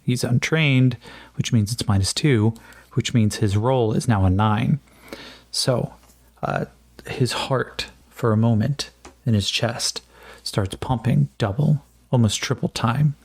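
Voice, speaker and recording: A man's voice: medium pitch, takes it slowly, breathy edge, no echo. A man narrating a solo tabletop game, thinking aloud with frequent fillers and joking at his own attempts at accents.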